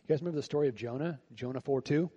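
A man preaching to his congregation in a relaxed, talky way, tossing out rhetorical questions as he goes. His voice is husky and warm, with a mid-range pitch. He drops to quiet reflection, then lifts into louder, lively stretches. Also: racing, lo-fi sound. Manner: shifts between quiet reflective lines and louder animated bursts. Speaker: pastor. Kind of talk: sermon. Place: church service.

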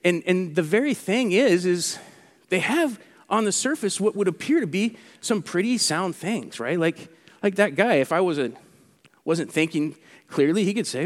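Animated preacher in a reverberant hall. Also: male voice, high voice, moderate pace. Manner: animated, acts out mockers' quotes. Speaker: pastor. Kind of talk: sermon.

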